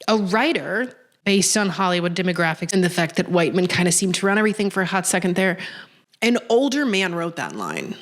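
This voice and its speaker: Fast-talking, sarcastic young woman. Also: on the low side. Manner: animated and sarcastic. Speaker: video essayist. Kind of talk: casual commentary.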